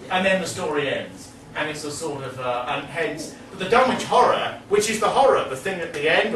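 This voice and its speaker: A man's voice: fairly high pitch, a bit bright, recorded from a distance, a little hiss or hum. A man giving a rambling, amused talk about a story, with plenty of hesitations, recorded away from the mic in an echoey room. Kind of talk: casual lecture talk.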